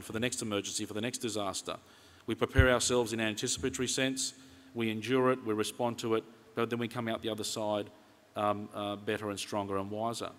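A middle-aged Australian man speaks earnestly from a conference stage, his voice sitting on the low side. The sound carries a long reverb from a large hall around him. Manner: earnest, retells conversations in detail. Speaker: keynote speaker. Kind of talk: conference keynote speech.

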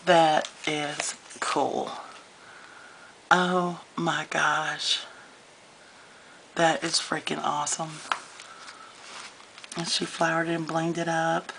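A woman talks slowly through a casual show-and-tell vlog, gushing and getting a little choked up. Her voice is low and gravelly and stays fairly flat. A faint hiss sits behind her. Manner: gushing, chatty, easily moved. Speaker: scrapbooking vlogger.

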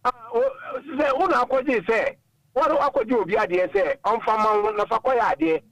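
A man's voice: high-pitched, brisk, a bit bright, no echo, low-quality recording. A man calling in to a radio talk show, giving earnest, moralizing opinions. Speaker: caller. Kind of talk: call-in radio chat.

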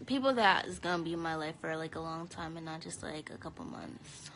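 A tired young woman chatting casually to viewers on a phone live stream from home, talking in a drowsy, low-energy way. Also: measured pace, a bit bright, a little hiss or hum, poor audio. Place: home, indoors.

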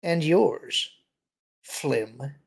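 A man's voice: a little high, animated, creaky, husky, full character voice. A man voicing a composed senior male admiral who speaks coolly and with authority. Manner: cool, measured.

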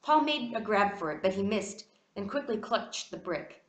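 Animated woman reading a storybook. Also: mid-range voice, moderate pace, roomy sound. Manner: expressive, animated. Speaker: reader. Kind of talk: storybook read-aloud.

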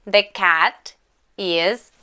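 A young woman with a Russian accent teaching English to small children, with slow, exaggerated, coaxing speech and prompts to repeat each phrase. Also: mid-range voice, steady tone, bright, forceful tone, slight background noise. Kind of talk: children's English lesson with a story.

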